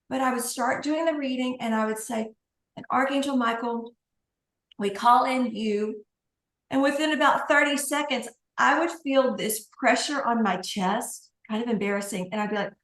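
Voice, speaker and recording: A woman's voice: a little high, a bit bright, roomy sound, low-quality recording. A woman guest on an interview, an angel communicator, telling stories in a chatty way with light laughs. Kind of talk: casual interview talk.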